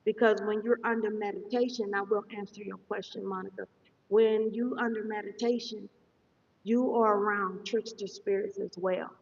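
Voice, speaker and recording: A woman giving a live-streamed meditation lesson as a spiritual teacher, talking fast and checking in with her listeners often. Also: medium pitch, fairly even intonation, creaky. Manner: fast-talking, says so herself; instructive, checks in often with "okay?". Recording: distant, echoey, dull sound.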